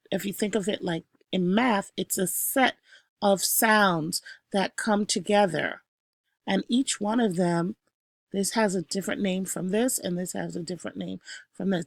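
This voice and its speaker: A woman teacher recording a review lesson, calling out each term with emphasis and then explaining it slowly with the odd filler. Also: medium pitch, creaky, dry recording, clean studio sound. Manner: slow, explanatory, punches each new term.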